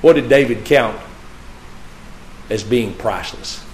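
Male pastor, preaching style that swells loud then drops to a hush. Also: unhurried, slight background noise, poor audio. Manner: preaching, swinging from loud emphatic peaks to low hushed phrases. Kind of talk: sermon.

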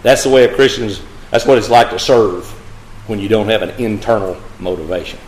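Brisk and fairly low-pitched, with a darkish tone, a man delivers an emphatic sermon straight to his congregation, returning again and again to key phrases. The room sounds echoey.

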